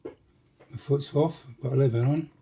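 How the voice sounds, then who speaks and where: A man's voice: medium pitch, a little slow, mellow, a little hiss or hum. A man with a jokey, chatty manner, talking himself through a model-making job at his workbench. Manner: chatty, jokey asides, talks to himself while working. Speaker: model railway hobbyist. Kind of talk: casual workshop demonstration.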